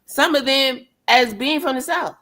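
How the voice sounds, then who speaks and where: Woman, New York accent, brash, teasing, profane, casual chat, sharp bright tone. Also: high voice, unhurried.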